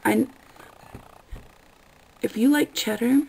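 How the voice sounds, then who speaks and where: A woman's voice: on the high side, slow pace, creaky, a little mellow, husky, rough recording. A young woman vlogger ranting casually about annoying customers at work, exasperated and sarcastic, swearing often and acting out what customers say. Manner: acts out customers in quoted voices.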